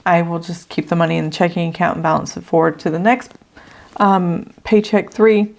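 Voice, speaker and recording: A woman's voice: on the low side, steady tone, fairly quick, vocal fry, a little mellow. A middle-aged woman hosting a budgeting channel, thinking aloud as she adds up figures, a little out of breath from allergies. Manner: thinks aloud while adding numbers, with fillers. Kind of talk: casual budget walkthrough.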